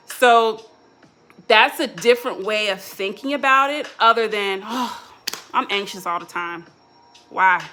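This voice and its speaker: Woman hosting a self-love livestream, bright clear voice, keeps saying "right?". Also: medium pitch, slight background noise. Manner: earnest, repetitive, rhetorical "right?". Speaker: self-love channel host. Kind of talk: live motivational talk.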